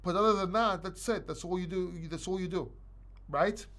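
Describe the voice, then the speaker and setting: A man's voice: sits high, moderate pace, fairly bright tone. A man hosting a live crypto question-and-answer stream, speaking bluntly and emphatically, repeating points and swearing, a little short of breath from being sick. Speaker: crypto channel host. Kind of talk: live stream Q&A, opinionated rant.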